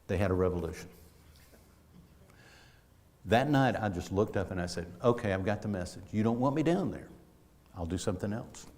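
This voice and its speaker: A man's voice: on the low side, a little mellow. A middle-aged man preaching a conversational sermon, telling stories in a folksy way with frequent restarts. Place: church sanctuary. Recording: long reverb of a church hall.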